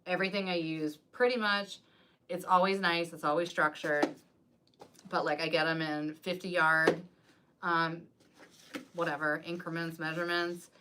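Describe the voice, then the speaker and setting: A woman's voice: lowish voice, level tone, normal speed, noisy background. A woman who designs wreaths and coaches others, rambling in casual live-stream chat and filling her talk with "like.". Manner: rambling and chatty, full of "like".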